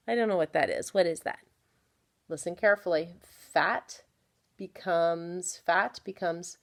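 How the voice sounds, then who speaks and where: A woman teaching a phonics lesson to young children, sounding out words slowly and chatting playfully between them. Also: fairly low pitch. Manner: slow, drawn-out sounding of words. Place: home, at a small easel.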